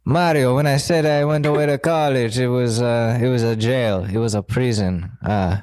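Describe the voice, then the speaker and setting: A crude, boastful outcast plumber brother who deals drugs and brags through a rambling, put-on Mexican accent, as a podcast host puts him on. He talks at an ordinary pitch for a man, with a scornful swagger. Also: fairly even intonation, normal speed, a little mellow, smooth, dry recording, studio quality, close to an everyday voice. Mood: confiding. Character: shady outcast plumber brother, a boastful male cocaine dealer.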